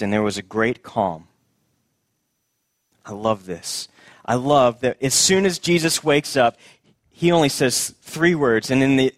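A man preaching a sermon as pastor, earnest and repeating his key phrases, dropping soft and low at tender moments. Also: no echo, studio quality.

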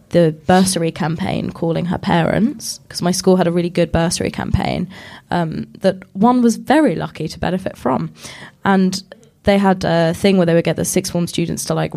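A woman's voice: fairly low pitch, creaky, dark tone. A young woman from Scotland in casual chat, wry and ranting, acting out quotes.

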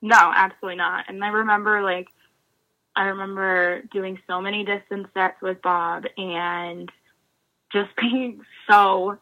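A woman in her twenties, a former college swimmer, telling animated stories in a casual interview and acting out remembered dialogue. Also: medium pitch, unhurried, phone-quality sound.

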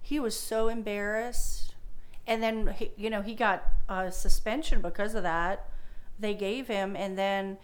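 A woman, co-hosting a casual chat and telling stories about her students, animated and laughing. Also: medium pitch, measured pace. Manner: animated storyteller, laughs a lot. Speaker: podcast co-host, teacher.

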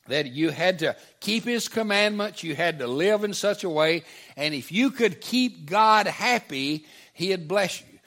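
A middle-aged male pastor delivers a sermon in an easy, conversational way, pausing to ask his listeners questions and echoing their replies. His voice sits fairly high for a man and swings widely in pitch. He speaks slowly, with frequent restarts. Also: fairly bright tone. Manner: conversational, repeats audience answers, many restarts. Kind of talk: sermon with audience call-and-response.

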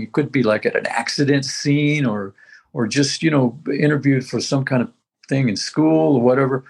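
Older guy with a gravelly husky voice, rambling on about the old days with lots of restarts. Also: medium pitch. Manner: rambling, reminiscing, many restarts. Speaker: veteran musician. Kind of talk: casual conversation.

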